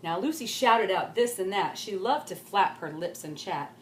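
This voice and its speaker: Animated woman reading a children's story. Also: medium pitch, normal speed, a little hiss or hum. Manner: animated, sing-song storytelling. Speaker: teacher reading aloud. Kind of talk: children's story read-aloud. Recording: roomy echo.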